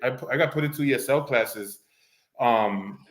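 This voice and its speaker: The recording has a roomy echo. This Spanish-speaking podcast co-host talks at a moderate pace in a medium-pitched, fairly bright voice, rambling casually, restarting often, and performing different voices.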